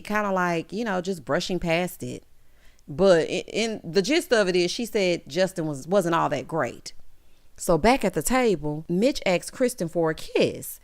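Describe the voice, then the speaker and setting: A woman's voice: lowish voice, normal speed. A woman giving a sassy, casual recap of a reality show, mimicking the cast as she goes. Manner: sassy, animated, quotes cast members in mock voices.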